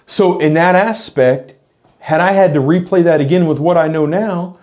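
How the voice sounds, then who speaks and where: A man's voice: a little high, normal speed, a little mellow. A middle-aged man, a former police officer, talking earnestly in a reflective monologue to camera, explaining his points with frequent restarts.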